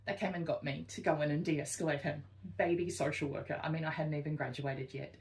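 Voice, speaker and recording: This woman, an Australian social worker co-hosting a casual podcast, speaks in a low, fairly quick voice on a low-quality recording. She tells animated work stories and acts out the people she quotes.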